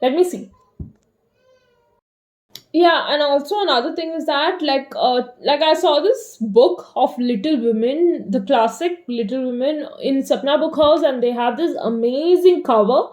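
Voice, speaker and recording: A young woman chatting casually in a rambling diary vlog, full of fillers, swinging between animated and flat delivery. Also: high voice, a little slow. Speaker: vlogger.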